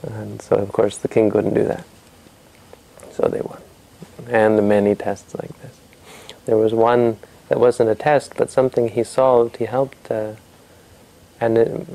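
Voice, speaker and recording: A man with a lowish, creaky, warm voice tells a traditional story to a family audience, caught on a rough recording. He talks conversationally, puts questions to his listeners, and frequently starts his sentences over.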